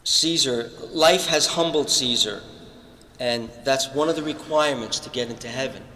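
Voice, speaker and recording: A man's voice: medium pitch, normal speed, sharp tone. A man giving an earnest spoken testimony, telling stories from his own life and acting out the other people's lines. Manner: earnest, retells conversations with acted-out quotes. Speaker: panel speaker giving a testimony. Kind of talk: storytelling testimony talk. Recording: echoey hall with long reverb.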